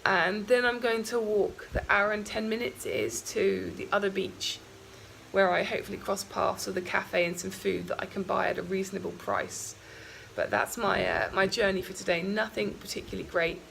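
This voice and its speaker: A young woman records a chatty, candid travel vlog. Her voice is croaky and gravelly and sits at an ordinary middle pitch. Faint background sound is heard behind her. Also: steady tone, normal speed, fairly bright tone, a little hiss or hum, low-quality recording. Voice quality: croaky morning voice. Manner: candid, chatty, rambling with fillers. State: out of breath from walking uphill. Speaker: travel vlogger. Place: outdoors walking on a hilly island road.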